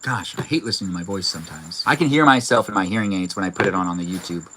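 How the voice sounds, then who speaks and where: A man's voice: sits low, rapid-fire, noisy background. A young man casually chatting on a live stream and reading viewer comments aloud.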